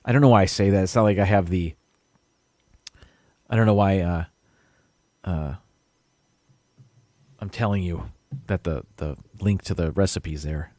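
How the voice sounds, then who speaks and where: A man's voice: low voice, unhurried, pauses often, mellow, dry recording. A man hosting a casual live stream, rambling a little as he reads viewer comments and stumbles over unfamiliar words.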